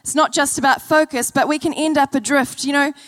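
A woman's voice: high voice, steady tone, fairly quick, a bit bright. A woman preacher delivering an earnest sermon to a church congregation, telling stories and repeating key phrases. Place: church service.

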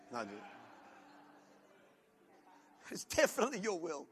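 A man preaching a sermon as a pastor, telling loud, animated stories with comic outbursts. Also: high voice, very fast, husky.

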